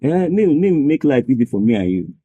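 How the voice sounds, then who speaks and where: A man's voice: medium pitch, very animated, a little fast, warm tone, breathy edge, dry recording. A man playing a pleading Nigerian gateman. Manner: rambling, pleading Nigerian Pidgin. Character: anxious male gateman pleading to keep his job.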